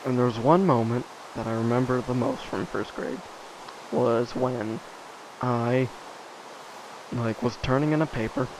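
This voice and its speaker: A man's voice: mid-range voice, a little slow, pauses often, noisy background. A man vlogging alone, telling stories in a casual, rambling way full of fillers and asides. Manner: rambling, many fillers, self-interrupting asides.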